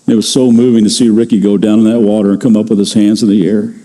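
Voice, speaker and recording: An older male pastor delivers a sermon with a mellow, warm tone. He talks like he is telling a story to friends, easing his pace to press home a point. His voice rings out in the long reverb of a big hall. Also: on the low side, little pitch movement. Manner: conversational storytelling, slows for emphasis.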